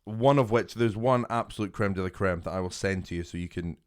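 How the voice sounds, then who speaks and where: A man's voice: deep voice, a little fast, smooth. A man in his thirties co-hosting a podcast, joking and teasing in casual banter. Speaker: podcast co-host. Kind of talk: casual chat.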